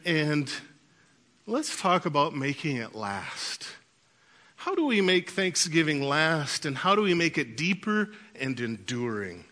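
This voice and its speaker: A man preaching a sermon, telling lively childhood stories and laughing through them. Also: a little high, takes it slowly. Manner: animated storyteller, laughs through anecdotes. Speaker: pastor. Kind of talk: sermon with storytelling.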